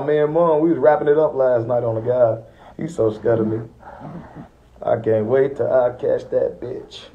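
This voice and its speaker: A man's voice: mid-range voice, lo-fi sound. A young man in a boastful, threatening trash-talking rant aimed at rivals. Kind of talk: taunting rant to viewers.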